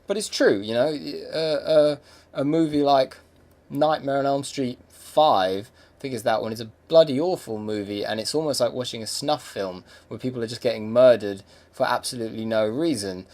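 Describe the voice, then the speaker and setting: A man's voice: mid-range voice, normal speed, a little mellow. Rambling English man musing aloud. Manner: rambling, reflective, many fillers and restarts. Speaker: podcast host. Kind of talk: casual monologue.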